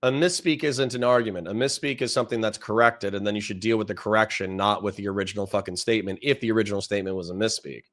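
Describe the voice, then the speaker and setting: A man's voice: fairly low pitch, steady tone, quick pace, few pauses, fairly bright tone. A young man streaming, reading out chat and reacting with blunt, profane commentary that repeats phrases for effect. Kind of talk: casual livestream commentary.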